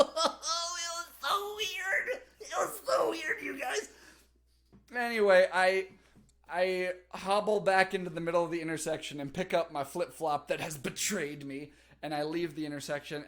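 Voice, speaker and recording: A young man on a casual livestream, telling a story with animated delivery, big pitch jumps and laughter. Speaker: streamer.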